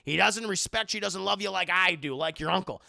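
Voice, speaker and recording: A man's voice: high-pitched, fairly quick, creaky, pushed and bright, no echo, studio quality, full character voice. A man voicing a blunt, scornful uncle who talks down his late brother. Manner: blunt, dismissive.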